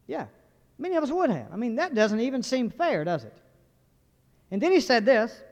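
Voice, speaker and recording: A man preaching a sermon in a folksy, joking way, firing questions at the congregation. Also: high-pitched. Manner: folksy, humorous, asks the crowd questions. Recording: dull recording with long hall reverb.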